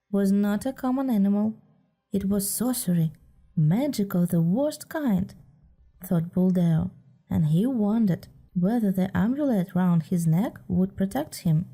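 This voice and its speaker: A woman reads a storybook aloud in a steady, even way. Her voice is very dark and mellow, with soft music behind. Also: medium pitch. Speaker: audiobook reader. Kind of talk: storybook narration. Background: faint music.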